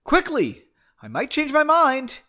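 A man voicing a brash, hot-tempered young male fighter who talks gruff and defiant. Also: a little high, very animated, moderate pace, a bit bright. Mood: angry.

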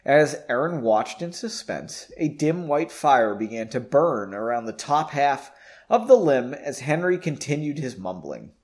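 A man's voice: mid-range voice, very animated, a little slow, darkish tone. A young man reading his own story aloud, breaking off for joking, self-mocking asides. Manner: self-mocking, chatty, laughs at himself.

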